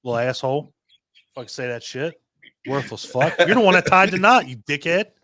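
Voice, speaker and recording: A man reviews a movie on a casual podcast, ranting in an animated way and swearing constantly. His voice sits a little high. The sound is dry and close. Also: brisk, no echo. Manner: animated, heavily profane ranting with mocking quoted voices. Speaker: podcast co-host reviewing a film.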